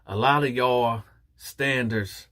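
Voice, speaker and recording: A man's voice: mid-range voice, slow pace. A man telling a story casually and animatedly, acting out the dialogue and talking straight to his listeners. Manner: animated, acts out dialogue, addresses listeners directly. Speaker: storyteller, channel host.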